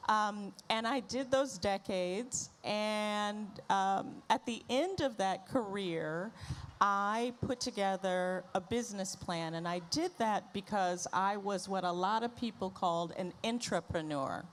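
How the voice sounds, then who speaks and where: A woman's voice: mid-range voice, slow pace, slight background noise. A middle-aged woman speaking as a panelist on a conference stage, playful and wry. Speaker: panelist, agency founder. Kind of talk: panel discussion.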